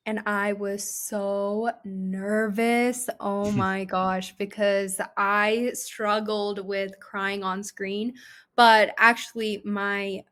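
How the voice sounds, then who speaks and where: A woman's voice: mid-range voice, a bit bright. A young adult woman, an actress guest in a casual interview, talking chattily with many "like"s and "um"s. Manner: chatty, heavy use of "like" and "um".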